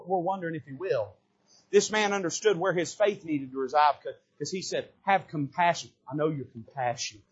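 A man preaching a sermon from the pulpit, swinging from hushed to shouting. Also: husky, muffled recording. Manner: preaching with big swings in pitch and loudness, rising to shouts. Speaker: pastor. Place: church sanctuary.

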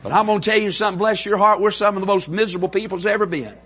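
Very fast and fervent, a middle-aged North Carolina pastor preaches from his church pulpit. His high, bright voice carries a little huskiness as it drops to a near hush and then rises to full shouts.

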